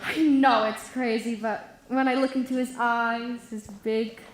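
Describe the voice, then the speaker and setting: A woman's voice: on the high side, fairly even intonation, measured pace, a little hiss or hum, natural voice. A woman playing a languid, tipsy chaperone. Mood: drowsy. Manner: languid, theatrical, drawling. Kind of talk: stage musical performance. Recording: echoey stage hall.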